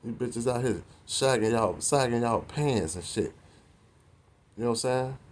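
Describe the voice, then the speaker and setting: Unhurried and medium-pitched, a man in his forties preaches and confronts in a rant aimed at the camera. It's street talk, loaded with slang and curses.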